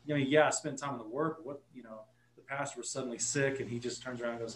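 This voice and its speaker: A man's voice: mid-range voice, fairly even intonation, rapid-fire, reverberant, slight background noise, low-quality recording. A man with a Texan accent, a guest pastor telling a story in casual podcast talk, earnest and correcting himself as he goes.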